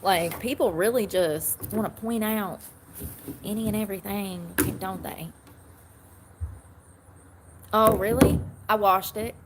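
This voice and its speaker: A woman's voice: medium pitch, takes it slowly, long pauses, heavy background noise. A woman chatting casually to her livestream audience, rambling and answering comments, from the United States. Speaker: livestream host.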